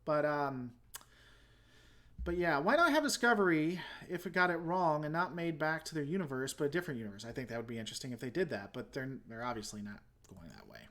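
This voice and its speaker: A host talking casually through a trailer reaction and answering comments from viewers. The delivery rambles and is plainly critical, and sentences are often begun again partway through. The pitch sits in a middle register. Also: expressive, fast, a bit bright. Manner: frank and opinionated.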